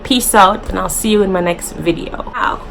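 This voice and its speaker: A woman's voice: mid-range voice, normal speed, gravelly, fairly bright tone, a little hiss or hum, rough recording. A young adult woman with a Jamaican accent, hosting a casual vlog and playfully switching into patois examples. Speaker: vlogger.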